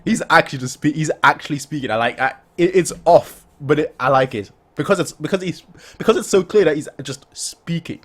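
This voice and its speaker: A man's voice: on the high side, brisk. A man hosting a reaction video, giving casual commentary and often stammering and restarting his sentences.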